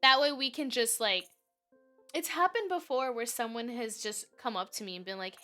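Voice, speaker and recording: A woman's voice: fairly high pitch, moderate pace, soft background music. A young woman chatting casually on a stream, retelling stories with exaggerated outrage. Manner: animated, bursts into exaggerated outrage when retelling. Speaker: streamer co-host. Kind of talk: casual chat.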